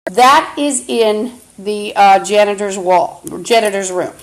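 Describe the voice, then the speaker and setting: A woman's voice: medium pitch, fairly even intonation, unhurried, few pauses, a little hiss or hum, poor audio. A woman talking into a phone or camera mic in a rambling, agitated, profane livestream monologue full of fillers.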